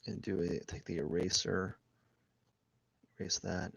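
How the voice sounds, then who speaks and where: A man streaming live as he draws, rambling and thinking aloud, restarting his sentences and often trailing off quietly. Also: low voice, steady tone, unhurried, creaky, husky, no echo. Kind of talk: casual live-stream narration while drawing.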